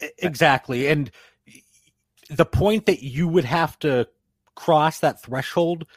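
A man's voice: a little high, takes it slowly, no room sound, clean studio sound. A man appearing as a guest on a podcast, chatting casually in an easygoing way.

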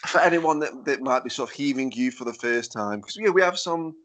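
A man's voice: mid-range voice, animated, fairly quick, a bit bright. A man with a Stoke accent hosting a podcast, jokey, laughing often and restarting his sentences. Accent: Stoke-on-Trent. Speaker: podcast host. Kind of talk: casual podcast chat.

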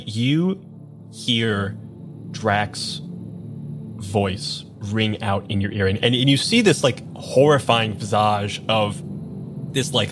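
A man running a tabletop role-playing game as game master, narrating scenes in a descriptive, halting way. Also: medium pitch. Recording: podcast with music underneath.

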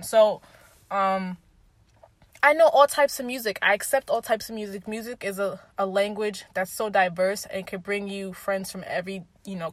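A woman in her twenties speaks in a mid-range voice, with no echo, giving casual opinions candidly. She swears freely and tells animated stories, acting out the quoted remarks in different voices.

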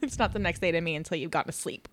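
A woman's voice: fairly low pitch, rapid-fire, a bit bright. A woman co-hosting a podcast, telling a true crime story in casual, chatty talk, laughing often and swearing. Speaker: podcast co-host.

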